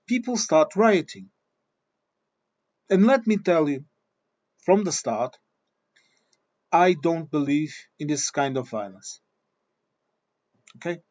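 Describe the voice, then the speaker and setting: A man's voice: on the high side, animated, slow pace, long pauses, darkish tone. Blunt, swearing man on a dull recording. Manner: blunt, swearing, repeats himself. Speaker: vlogger. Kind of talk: opinion monologue.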